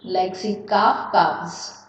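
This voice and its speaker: A woman with an Indian English accent teaching a grammar lesson, repeating each word pair slowly and telling students to be careful. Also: fairly low pitch, steady tone. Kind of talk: classroom grammar lecture. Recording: echoey room, distant mic, dull lo-fi sound.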